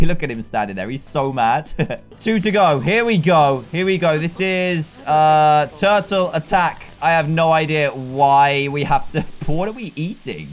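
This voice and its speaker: A man with a noticeably high voice narrates his own gameplay as a YouTuber. He is excitable and often laughs, talking to himself about what is happening on screen. Faint game music plays behind him. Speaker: gaming YouTuber. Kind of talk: let's play commentary.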